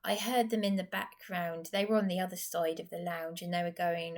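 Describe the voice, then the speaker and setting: A woman's voice: lowish voice, fairly even intonation, normal speed, gravelly. A woman, recounting a story in a rambling, agitated personal vlog. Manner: agitated, rambling retelling with restarts. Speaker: vlogger.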